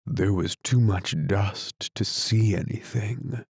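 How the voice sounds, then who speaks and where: A weary male lion with a deep, hollow voice that yawns through its words, as a male audiobook narrator puts him on. He drawls very slowly in a dry, close recording. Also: steady tone, gravelly, husky, no room sound, heavily acted. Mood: sleepy. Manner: yawning, slow, drawling. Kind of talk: audiobook character reading.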